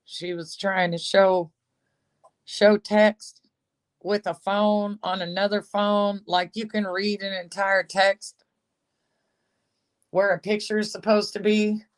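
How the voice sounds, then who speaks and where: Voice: medium pitch, little pitch movement, slow pace, long pauses, clear, resonant tone. A livestream host chatting casually and sarcastically about online personalities, greeting commenters and often laughing. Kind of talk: casual gossip commentary, reading chat.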